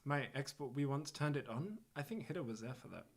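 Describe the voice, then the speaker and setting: A man's voice: medium pitch, animated, brisk, gravelly. A man hosting a casual livestream concert from a living room, joking and rambling as he signs off. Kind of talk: casual chat. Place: living room music space.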